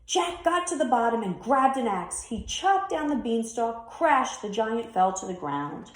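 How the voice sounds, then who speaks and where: A woman teacher reads a children's story aloud in an expressive storytelling voice. She takes her time, and her pitch rises and falls a lot. The sound is roomy and echoing. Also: measured pace. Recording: roomy echo.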